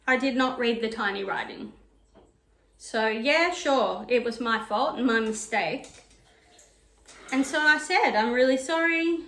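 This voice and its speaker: A woman's voice: fairly high pitch, unhurried, long pauses, sharp tone. A woman vlogging about knitting and sewing, telling a story in a chatty, digressive way while ironing at home. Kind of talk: casual chat. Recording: echoey room.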